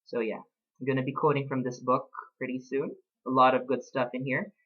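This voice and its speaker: A man in his late twenties speaks in a casual personal vlog, thoughtful and unhurried, with frequent pauses and fillers. His voice sits at an ordinary middle pitch. The recording sounds a little dull and lo-fi. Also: little pitch movement, breathy edge. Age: late 20s. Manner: reflective, talks about books with pauses and fillers. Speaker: vlogger.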